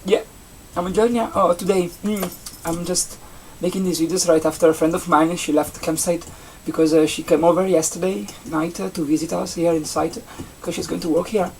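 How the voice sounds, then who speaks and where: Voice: medium pitch, fairly even intonation, vocal fry, a little mellow. Rambling young adult with an Italian accent. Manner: rambling, halting, with many restarts and fillers. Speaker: vlogger, seasonal campsite entertainment worker. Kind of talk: casual vlog chat. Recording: distant mic with faint background noise.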